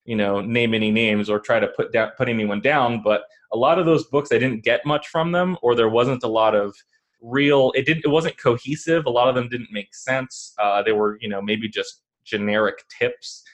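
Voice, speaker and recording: A man co-hosting a podcast, telling a personal story in a rambling, casual way with many fillers and restarts. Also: medium pitch. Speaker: podcast co-host.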